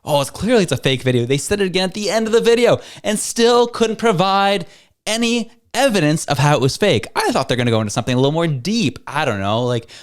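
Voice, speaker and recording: A man's voice: high-pitched, expressive, fast talker, clear, resonant tone. A man hosting a podcast, reacting to a clip in casual, incredulous commentary and laughing often. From Canada. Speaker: podcast host.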